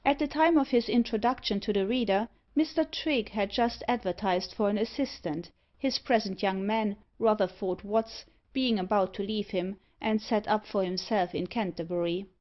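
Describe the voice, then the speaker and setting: Brief: female audiobook narrator, mid pitch, measured, slightly muffled recording. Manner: measured storytelling. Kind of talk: scripted narration.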